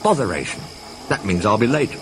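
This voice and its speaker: A man's voice: on the low side, very animated, fairly quick, background noise, pitched above the performer's own voice. A man voicing a bossy young male engine who talks in an impatient, fussy way.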